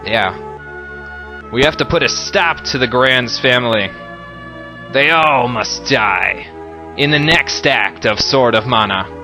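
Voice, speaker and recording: This man's medium-pitched voice moves a little slowly over music as he gives joking, lively commentary on a video game. He talks to his viewers in a casual way.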